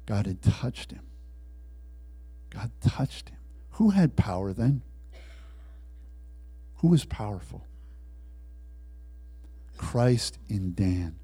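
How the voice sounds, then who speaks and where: Man preaching a story, loud then hushed. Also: lowish voice, very animated, extremely slow, long pauses, slightly rough, soft background music. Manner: acts out quoted voices, swings from loud to hushed. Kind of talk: sermon storytelling.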